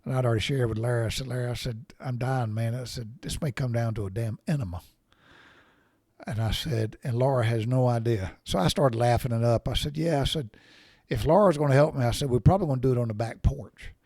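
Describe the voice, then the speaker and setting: A middle-aged man telling a personal story on his podcast in a loose, folksy way, peppered with mild cussing and self-mocking laughs. His voice sits at an everyday male pitch. The recording is close and dry, with almost no room sound. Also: a little fast, a little mellow, no room sound. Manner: folksy, salty, laughs at himself. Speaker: podcast host. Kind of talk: casual storytelling monologue.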